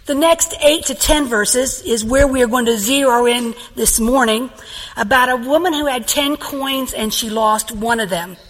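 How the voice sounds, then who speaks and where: A woman pastor preaching a sermon as an animated storyteller who laughs often, in a church. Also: on the high side, normal speed, long reverb tail, poor audio.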